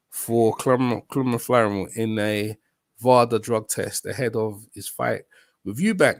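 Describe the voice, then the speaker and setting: Man, livestream host, excitable, repetitive, dry mic. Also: mid-range voice, no room sound. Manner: excitable, repeats himself, laughs often. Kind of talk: casual live-stream chat.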